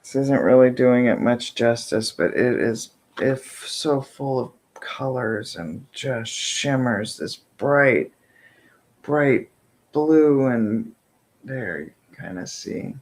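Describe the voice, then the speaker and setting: A man chatting through an unboxing, gushing with breathy exclamations and whispered asides. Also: medium pitch, lively intonation, slow pace, a little mellow, low-quality recording. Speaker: vlogger unboxing subscription boxes. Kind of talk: casual unboxing chat.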